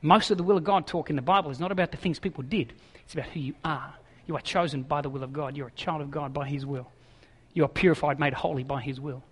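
Animated preacher, high voice. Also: male voice, fast, husky, in a large hall. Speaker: pastor. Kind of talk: sermon.

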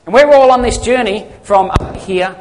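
A man's voice: high voice, moderate pace, a little hiss or hum. A male pastor preaching a sermon in a conversational way, asking the congregation questions and answering them himself. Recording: long hall reverb.

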